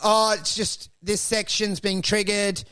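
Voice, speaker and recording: A man with a high, bright voice co-hosts a casual comedy chat. He rambles and swears, and he acts out mocking little quotes as he goes. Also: steady tone, unhurried, clear, resonant tone. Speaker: podcast co-host.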